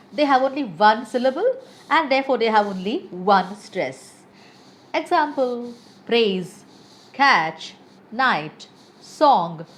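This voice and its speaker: A woman teaching English pronunciation, reading word lists slowly and stressing syllables deliberately. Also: medium pitch. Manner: reads word lists aloud with exaggerated stress. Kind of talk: slow, deliberate pronunciation lesson.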